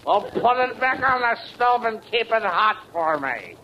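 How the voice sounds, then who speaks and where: A man's voice: high-pitched, sing-song, unhurried, full character voice. An actor playing a pushy, scatterbrained man who hogs a telephone, in a 1940s radio comedy, talking bossily. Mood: blustering. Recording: dull, hissy 1940s radio broadcast.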